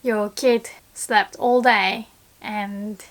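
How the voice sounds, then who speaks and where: A woman teaching Japanese in a casual video lesson, chatty and quick to act out example lines. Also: medium pitch, fairly even intonation.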